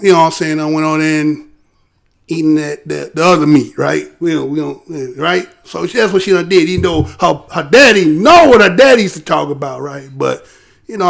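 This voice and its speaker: A man hosting a live-streamed news commentary show, loose and animated, often acting out quotes in a mocking voice. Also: high voice, creaky.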